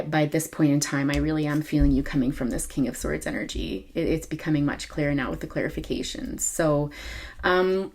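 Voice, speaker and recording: A woman with a low voice gives a casual tarot reading to camera. She talks in a halting way, with many ums and quick self-corrections. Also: slight background noise. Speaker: tarot reader.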